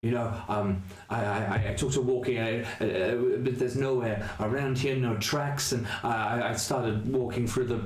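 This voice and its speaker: A man voicing a timid, apologetic ghoul-like man, stammering and halting. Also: medium pitch, steady tone, roomy sound, natural voice.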